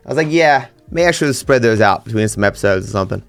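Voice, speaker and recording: A man's voice: medium pitch, animated, quick pace, soft background music. A young Australian man, a YouTuber, rambling casually on his own with lots of fillers and restarts.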